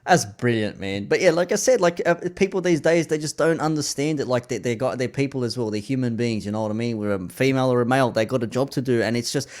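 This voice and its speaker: A relaxed man talks loosely in casual conversation, cursing easily and breaking into laughter. His voice sits at an ordinary middle pitch. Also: quick pace, few pauses. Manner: laid-back, swears freely, laughs often. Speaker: podcast host and DJ. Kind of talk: casual chat.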